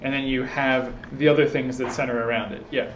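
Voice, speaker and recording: A man's voice: medium pitch, level tone, brisk, recorded from a distance, background noise. A man giving an informal lecture to a small group, thinking aloud with frequent fillers and restarts. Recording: roomy, dull lo-fi room recording.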